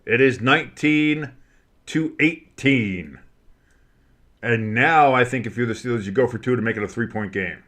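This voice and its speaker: Excitable man calling football play-by-play. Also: medium pitch, moderate pace. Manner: excitable, crude jokes, shouts on big plays. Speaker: play-by-play host. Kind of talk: fan play-by-play commentary.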